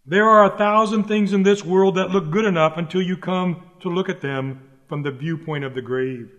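A man's voice: high-pitched, moderate pace, a bit bright, muffled recording. A man preaching a sermon, earnest and emphatic, pleading with the listeners and repeating his key phrases. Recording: long hall reverb.

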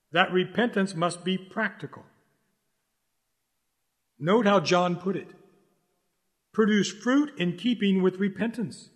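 Urgent high-voiced man preaching in a hall. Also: fairly bright tone. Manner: urgent, exhorting, repeats key lines slowly for stress. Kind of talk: sermon.

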